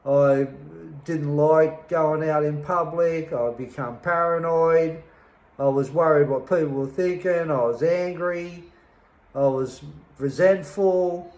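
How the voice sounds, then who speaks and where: A middle-aged Australian man recounting his own past in a slow, emphatic, bitter way, pausing often. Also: on the high side, darkish tone, roomy sound, rough recording. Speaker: interviewee telling his life story. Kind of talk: personal testimony.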